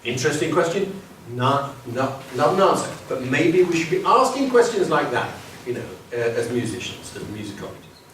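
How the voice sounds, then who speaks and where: A man giving an academic lecture with musical examples, talking in a lively, digressive way, humming and counting beats. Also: fairly high pitch, moderate pace, hardly any pauses, slight background noise. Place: university lecture room. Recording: very echoey hall from far off, with music.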